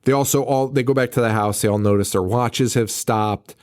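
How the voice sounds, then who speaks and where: A man's voice: mid-range voice, fairly even intonation, a little fast, darkish tone, clean tone. A man hosting a podcast in casual chat, rambling, swearing often and laughing a lot. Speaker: podcast host.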